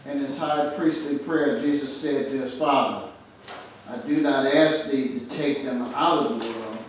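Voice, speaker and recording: A man in a church Bible study reading scripture aloud in a measured way and adding his own halting thoughts. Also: medium pitch, steady tone. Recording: echoey room, far from mic, faint noise.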